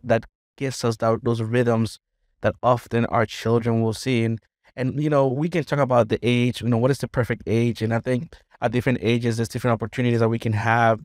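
A man's voice: medium pitch, no echo, clean studio sound. A man, a pastor, speaking earnestly to parents in a casual podcast chat. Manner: earnest, preachy encouragement.

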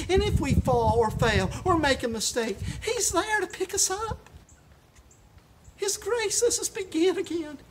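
An impassioned pastor preaching a sermon recorded for a church live stream. The delivery is emphatic, swinging between stirring highs and hushed, reverent lows, and the words often stumble into repeats. A faint hiss sits under the voice.

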